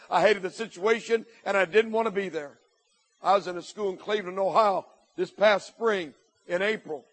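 A man's voice: high voice, poor audio. A man giving a motivational speech to students, telling his story emphatically with repeated lists and acted-out quotes. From Indiana. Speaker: motivational speaker at school assemblies.

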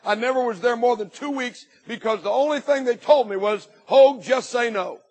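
Male testimony preacher, high husky voice, dramatic church storyteller. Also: a little fast. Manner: storytelling that builds to shouted warnings. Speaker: speaker giving his testimony. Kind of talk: testimony sermon to a church congregation.

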